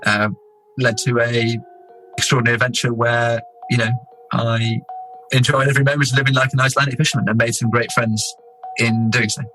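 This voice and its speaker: A man from England, an explorer guest, telling a story in a casual, lively way. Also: medium pitch, fairly quick, low-quality recording. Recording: music bed under voice.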